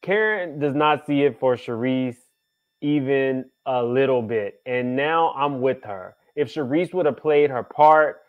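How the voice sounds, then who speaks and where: A man's voice: mid-range voice, unhurried. A man hosting a show recap, ranting with sassy exasperation in casual commentary. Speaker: podcast host reviewing a reality show. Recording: tinny phone-like audio.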